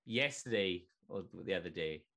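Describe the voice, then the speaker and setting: A man's voice: sits low, animated, moderate pace, a bit bright. A man co-hosting a podcast, telling rambling stories and swearing freely in casual chat. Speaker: podcast co-host.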